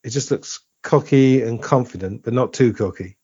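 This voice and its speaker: A man hosting a podcast, chatting casually and reminiscing with a quick laugh. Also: mid-range voice, darkish tone, husky, dry recording. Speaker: podcast host. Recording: dull, dry lo-fi audio.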